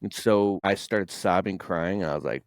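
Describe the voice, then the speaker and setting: A man's voice: low voice, normal speed, no room sound, clean studio sound. A man in his late thirties, a guest entrepreneur, telling candid, emotional personal stories in conversation, swearing freely. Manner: raw, emotional, swears freely, mimics voices.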